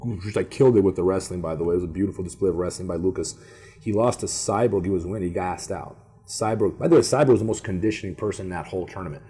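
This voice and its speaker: A man with a low, husky voice, co-hosting a podcast in a loose, rambling chat. He talks in an animated way and keeps dropping fillers. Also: very fast. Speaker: podcast co-host. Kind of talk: casual chat.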